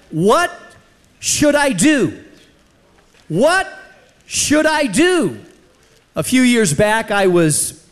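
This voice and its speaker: A man, an American pastor, preaching a sermon and telling a story with lively acted-out quotes. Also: high voice. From United States.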